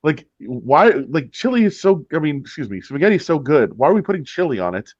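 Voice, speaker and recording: A man's voice: fairly high pitch, very animated, quick pace, a little mellow, no room sound. Radio co-host, male, bluntly mocking, laughs a lot; dull lo-fi sound. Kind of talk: casual sports radio banter.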